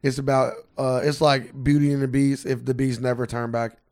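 A man in a casual podcast chat, arguing his side in a calm, teasing way. His voice sits at an ordinary middle pitch, recorded dry and close with no room sound. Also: fairly quick, smooth, no room sound. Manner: teasing, calmly argumentative. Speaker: podcast co-host.

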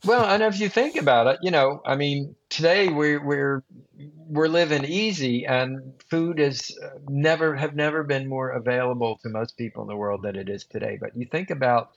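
A man's voice: mid-range voice, normal speed, vocal fry, no room sound. A man who is a guest on a grilling podcast, telling vivid anecdotes in an interview. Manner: animated, vivid storyteller. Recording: slightly muffled dry recording.

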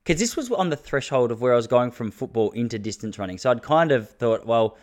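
A man's voice: mid-range voice, animated, a little fast. An Australian man in his thirties hosting a solo podcast, rambling and joking, with mock rants. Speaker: podcast host. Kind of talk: casual solo podcast chat.

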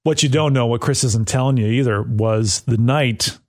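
A man from the northern United States co-hosting a podcast, telling animated, self-mocking stories in casual chat and laughing often. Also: medium pitch, moderate pace. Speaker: podcast co-host.

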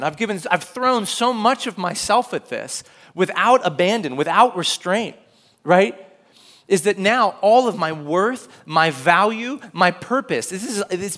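A pastor in his thirties preaches a conversational sermon with a high-pitched, somewhat bright voice. He acts out quoted voices and uses lots of fillers.

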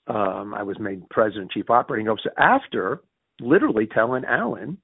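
In a dry, tinny, phone-like recording, a middle-aged Northeastern US man with a Yankee accent recounts business stories during an interview. His voice is creaky and husky, and he speaks quickly and excitedly, often starting sentences over and voicing other people's dialogue with big pitch jumps. He is a former mayor and finance executive.

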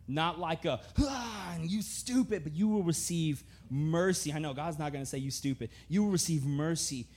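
Casual, animated young male preacher. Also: a little high. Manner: casual, animated storytelling with laughs; drops to soft, slow, earnest tone. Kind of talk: sermon.

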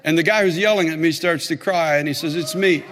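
Male pastor, high voice, animated sermon storyteller who repeats lines for emphasis, long reverb of a church hall. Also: fast talker, very noisy.

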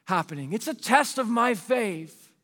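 A man's voice: high voice, normal speed, fairly bright tone, long reverb tail. A male pastor preaching a sermon in an earnest, pleading way, repeating rhetorical questions to the congregation.

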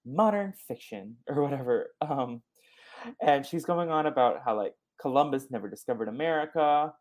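A man hosts a podcast and recaps a movie scene by scene in a loose, chatty way. He tells it in a lively manner, acting out bits of what the characters say. His voice sits at a middling pitch for a man. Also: moderate pace. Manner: animated retelling, acting out characters' lines. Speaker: podcast host. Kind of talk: casual movie recap chat.

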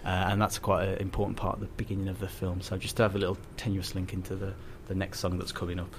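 A man with a lowish voice talks as an enthusiastic guest, often starting over and chuckling as he goes. His speech is full of fillers and restarts. Faint noise sits under the recording. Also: completely flat delivery, quick pace. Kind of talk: casual radio chat.

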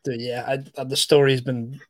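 A man's voice: medium pitch, flat delivery, normal speed, no echo, clean studio sound. A young man hosting a casual sports podcast, chatty and full of fillers. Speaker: podcast host.

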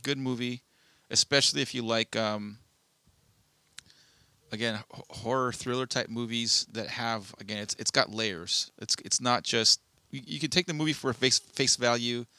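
Man, podcast co-host, casual chat, bright edge, dry close sound, swears a lot, rambling. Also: mid-range voice, normal speed, dry recording. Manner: profane, rambling storyteller.

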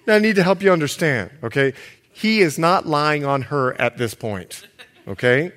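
Pastor, male, high-ish voice, very expressive delivery, playful loud-to-hushed swings. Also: normal speed. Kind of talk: sermon.

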